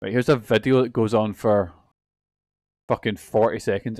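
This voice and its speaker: A man's voice: lowish voice, steady tone, normal speed, a little mellow, dry recording, clean studio sound. A young man streaming a video game, rambling and swearing often in casual, self-mocking chatter. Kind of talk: casual let's-play commentary.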